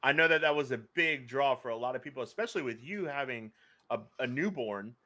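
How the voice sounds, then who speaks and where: A man's voice: mid-range voice, animated, a little fast, sharp tone. A man co-hosting a podcast, giving plain, matter-of-fact views in casual chat about movies. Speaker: podcast co-host.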